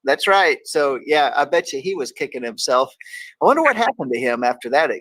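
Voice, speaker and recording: Texan male host, playful quote-reading, slightly high voice, dry close sound. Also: very animated, a little fast, fairly bright tone, no echo, poor audio. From Texas. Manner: reads quotes aloud with playful emphasis. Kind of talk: casual talk show banter.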